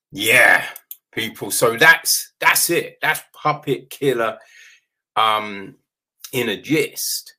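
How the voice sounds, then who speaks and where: A man's voice: medium pitch, expressive, extremely slow, long pauses, pushed and bright, slightly rough. A man recapping a horror film in a rambling, casual way, swearing now and then and often asking the listener "right?". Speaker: film reviewer.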